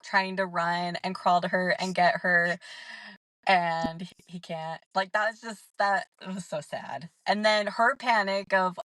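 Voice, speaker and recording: A woman's voice: lowish voice, steady tone, measured pace, fairly bright tone, no echo, rough recording. Woman guest chatting, dry close sound. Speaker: podcast guest. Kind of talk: casual chat.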